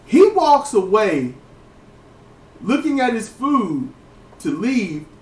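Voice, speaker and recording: Animated man, roomy distant sound. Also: high voice, slow, a little hiss or hum. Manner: animated storyteller, swears, restarts sentences. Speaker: wrestling podcast host. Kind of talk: casual commentary chat.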